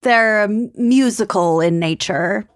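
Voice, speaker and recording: A woman's voice: medium pitch, slow pace, smooth. A woman co-hosting a podcast, giggly and teasing in casual chat. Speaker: podcast co-host.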